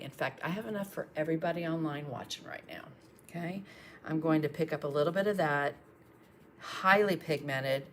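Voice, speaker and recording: Low-voiced chatty woman painter. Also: a little hiss or hum. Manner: chatty, encouraging, talks while painting. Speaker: painting instructor on a livestream. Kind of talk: casual painting demonstration.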